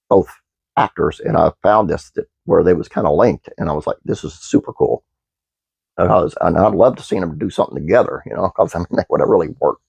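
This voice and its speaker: A man's voice: low-pitched, creaky, a little mellow, slightly rough, no echo, dull audio. A man hosting his own channel, reading a trivia script aloud with fillers and restarts, then chatting casually to viewers. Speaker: channel host.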